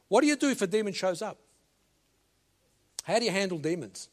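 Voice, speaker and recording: Slow, emphatic older man preaching. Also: very animated. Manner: slow and emphatic, swinging between loud commands and low asides. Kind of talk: sermon.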